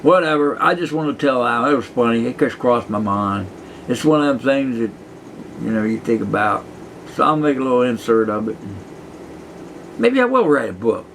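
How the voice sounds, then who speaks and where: Gravelly profane man in his sixties. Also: medium pitch, expressive, moderate pace, a little hiss or hum, rough recording. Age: 60s. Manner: profane, meandering, chuckling. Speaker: retired prison guard telling stories. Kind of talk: rambling casual storytelling to camera.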